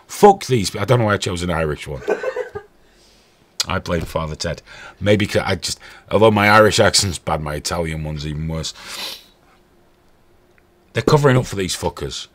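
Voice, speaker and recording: A man's voice: low-pitched, expressive, normal speed, long pauses. A man hosting a stream with angry, profane, sarcastic ranting commentary. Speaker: host.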